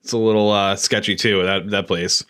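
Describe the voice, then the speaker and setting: A man's voice: on the low side, steady tone, normal speed, fairly bright tone. A man hosting a podcast in casual chat who laughs often and keeps calling people dude and man. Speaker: podcast host.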